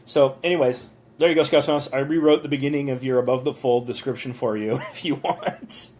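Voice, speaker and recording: Over slight background noise, a man with a medium-pitched, slightly mellow voice speaks fairly quickly in a steady tone. He's live-streaming from a motel room on his phone, casually working through channel reviews from viewers in a chatty, rambling way full of ums and the odd rant.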